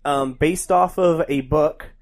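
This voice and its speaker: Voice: mid-range voice, slow pace. A podcast co-host chatting casually, griping wryly and sarcastically about a movie with laughs.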